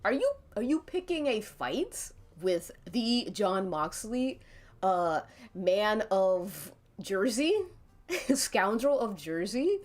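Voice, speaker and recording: A woman's voice: medium pitch, sing-song, slow pace. Woman doing a menacing tall henchman.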